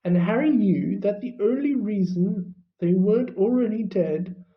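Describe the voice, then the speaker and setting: A reader narrating a storybook in an unhurried, expressive way. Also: medium pitch. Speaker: audiobook reader. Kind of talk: storybook reading. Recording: dull lo-fi recording.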